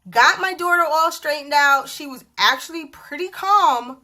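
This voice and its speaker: A woman in her thirties telling a story to camera at home in a chatty, animated vlog style. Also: high-pitched, moderate pace. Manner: animated, chatty, acts out dialogue. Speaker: vlogger. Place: bedroom at home.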